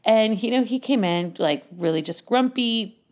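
A woman's voice: fairly high pitch, lively intonation, normal speed, a little mellow. A woman who works with children, telling a story casually and animatedly, acting out voices and laughing often.

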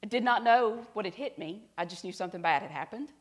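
A middle-aged woman, preaching a sermon and telling a personal story earnestly, her voice dropping soft and quiet at tender moments. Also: mid-range voice, expressive, fast, breathy edge. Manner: earnest storytelling, drops to soft quiet tones at emotional parts.

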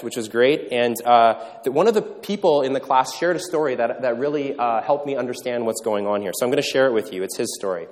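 A man's voice: mid-range voice, a little mellow. A man preaching a sermon, telling a story conversationally and acting out the quotes. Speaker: pastor. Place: church hall. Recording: reverberant hall.

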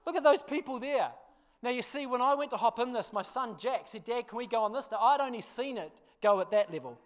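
A man preaching, telling a funny personal story with laughter before turning to a quieter sermon. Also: very high voice, fairly quick. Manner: animated storyteller, laughs through the tale, drops quiet for scripture. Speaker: pastor.

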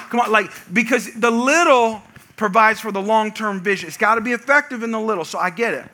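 A man preaching to his congregation with a high, piercing, very bright voice. He tells stories in a lively, animated way and breaks into loud shouted lines for comic effect. He sounds like a young father in his thirties. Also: fast talker. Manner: energetic storytelling, shouting punchlines. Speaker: pastor. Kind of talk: sermon.

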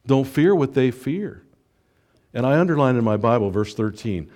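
A man preaching an expository sermon, reading scripture and slowing down to stress key phrases, rising to emphatic exhortation. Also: mid-range voice, expressive, darkish tone. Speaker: pastor.

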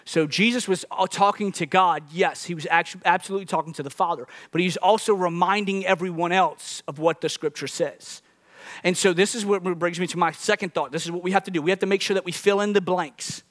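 Man preaching, high voice, earnest, dry close sound, restarts and emphatic peaks. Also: fairly even intonation, brisk, a bit bright, dry recording. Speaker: pastor. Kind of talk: sermon.

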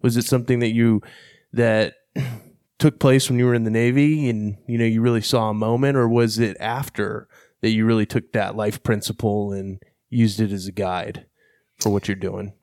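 A man's voice: fairly low pitch, flat delivery, normal speed, darkish tone, dry recording, clean studio sound. A man hosting a podcast interview, asking long, winding questions in a laid-back way. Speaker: podcast host. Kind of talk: casual interview.

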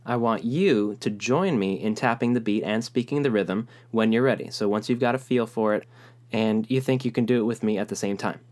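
Calm male rhythm teacher. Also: on the low side, brisk. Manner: calm, explanatory, speaks rhythm syllables aloud. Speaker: music teacher. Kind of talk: online rhythm lesson.

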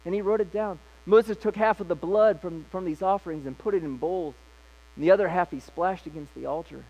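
A man's voice: high-pitched, a little fast, a little mellow, highs cut off. A male pastor preaching a sermon, retelling scripture in a casual, conversational way.

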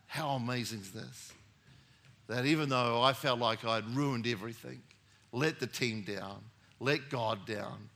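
Bright-voiced male pastor preaching. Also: medium pitch, normal speed. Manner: conversational storytelling with rising emphatic peaks. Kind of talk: sermon.

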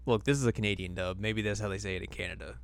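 A man's voice: lowish voice, steady tone, rapid-fire, vocal fry, clear, resonant tone, no room sound. Joking male podcast host, dry sound. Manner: loose, joking, acts out characters in silly voices. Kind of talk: casual chat recapping an anime episode.

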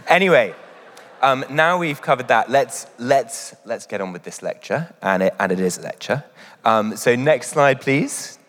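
A man's voice: medium pitch, lively intonation, a little slow, a bit bright, big-room sound. A man giving a short sermon in a church, humorous and self-deprecating, with many hesitant fillers. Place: church hall.

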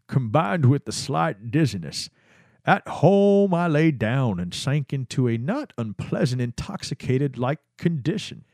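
A dreamy male chemist, as a podcaster puts him on, reading his account slowly and raised in pitch. The voice is set back a little from the mic and floats along in a drawn-out, wondering way. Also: vocal fry, darkish tone, no room sound, clean studio sound. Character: male chemist recounting a dreamy drug experience.

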